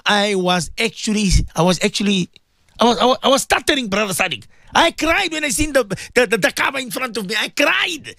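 A man's voice: high voice, creaky, fairly bright tone, no room sound, studio quality. A man presenting a religious radio show, speaking fervently and pleading, often repeating himself. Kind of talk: emotional religious radio talk.

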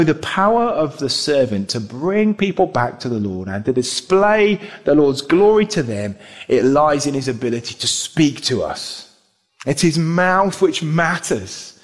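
Man, preacher, sermon, earnest, rhetorical questions, slightly high-pitched.

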